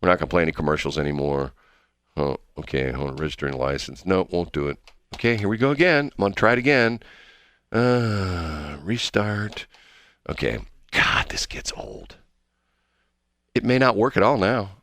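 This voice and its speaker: Guy radio host, all over the place pitch-wise, rambling and joking. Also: lively intonation, moderate pace, fairly bright tone, no room sound. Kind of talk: casual on-air banter.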